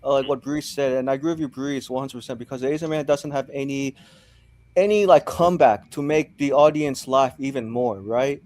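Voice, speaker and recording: A man's voice: mid-range voice, steady tone, a little fast, a little mellow. A man hosting a casual panel talk, rambling and tripping over words. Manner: rambling, trips over words, agrees a lot.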